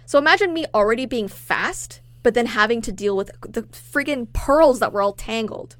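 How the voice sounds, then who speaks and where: A young woman co-hosting a podcast, telling a story in a casual, animated way and acting out the people in it. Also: on the high side, normal speed, dry recording. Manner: animated, acts out quoted customers. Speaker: podcast co-host.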